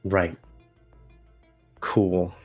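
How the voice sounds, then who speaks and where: A man with a lowish voice chats casually as a player at a tabletop game, joking along. Faint music sits underneath. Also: level tone, very slow, husky.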